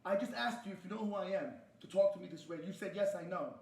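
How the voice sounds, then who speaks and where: A man with a fairly high voice rants at a store over the phone, aggressive and profane, repeating himself again and again. The recording sounds roomy and echoey. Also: quick pace, gravelly, a little mellow. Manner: aggressive, repeats demands, swears. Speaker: customer complaining to a store. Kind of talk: heated phone argument.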